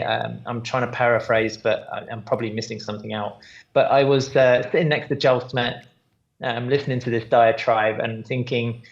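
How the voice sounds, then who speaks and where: A man's voice: mid-range voice, fairly even intonation, fairly quick, gravelly. British guest guy rambling through stories, muffled lo-fi audio. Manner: rambling anecdotal storyteller, many fillers. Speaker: podcast guest, journalist. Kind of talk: casual podcast chat.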